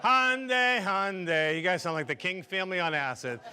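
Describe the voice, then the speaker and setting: Older male stand-up comic, rambling, stumbling delivery, bright voice, slightly high. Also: quick pace. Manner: rambling, stumbling, chatty joke telling. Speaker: stand-up comedian. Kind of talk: stand-up comedy set to a live audience.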